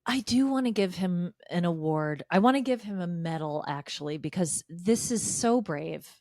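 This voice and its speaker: A woman co-hosting a podcast, recapping a reality show with dry, deadpan sarcasm. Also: lowish voice, normal speed, no room sound. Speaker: podcast co-host. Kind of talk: casual recap chat.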